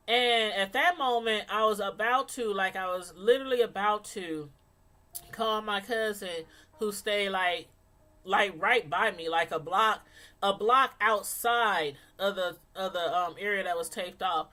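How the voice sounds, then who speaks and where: A middle-aged woman vlogger tells a story at a measured pace in her mid-range voice, keeping it casual and animated. She laughs often and fills her speech with lots of fillers.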